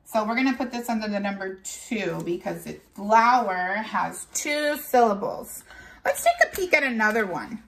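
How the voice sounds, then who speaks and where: A woman teacher leading a morning lesson for young children, speaking slowly and clearly and repeating words so the class can follow along. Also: medium pitch, lively intonation, slight background noise. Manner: slow, clear, drawn-out classroom delivery; switches into Spanish for the date.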